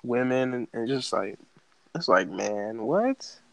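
A man co-hosting a podcast in animated, joking chat, slipping into mocking voices. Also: mid-range voice, slow, creaky, no room sound, poor audio. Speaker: podcast co-host. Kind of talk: casual chat.

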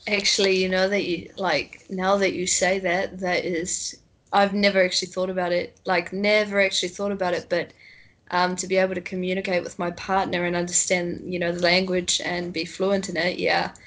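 A woman's voice: on the low side, little pitch movement, normal speed, fairly bright tone, poor audio. A woman in casual conversation, talking in a rambling way full of fillers like "you know" and "like". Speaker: conversation partner. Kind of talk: casual chat.

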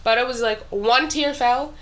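Pregnant young woman, podcast co-host, bright clear voice, slightly high, casual swearing, laughs often. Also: normal speed. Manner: swears and laughs while telling stories. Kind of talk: casual chat.

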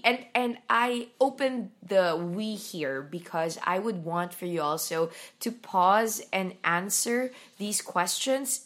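A young Filipino woman with a Filipino accent hosts her own solo podcast from home, her voice groggy after little sleep. It's lowish and a bit bright, and she talks candidly and rambles with self-deprecating asides.

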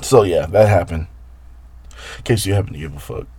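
A man telling a story in a casual, profane rant, exasperated, with his voice jumping up and down in pitch. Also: fairly quick, a little mellow, husky, dry recording.

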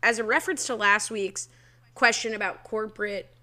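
A woman co-hosting a podcast, leading a casual episode recap with quick talk and frequent laughs. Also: medium pitch, sharp tone. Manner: quick, laughing, leads the discussion. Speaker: podcast co-host.

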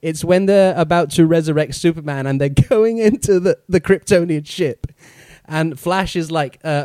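A man with a slightly raised pitch talking through a film in a casual review chat, enthusiastic and often breaking into laughter. His voice sits close and dry, with no room sound around it. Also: normal speed, darkish tone, no echo. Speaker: podcast co-host.

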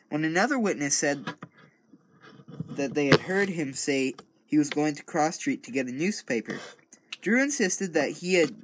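A man's voice: fairly high pitch, slight background noise. Rambling man reading a true-crime story. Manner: stumbling, self-correcting, rambling. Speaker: true-crime reader and commentator. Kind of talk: casual reading aloud with jokey asides. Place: home recording studio.

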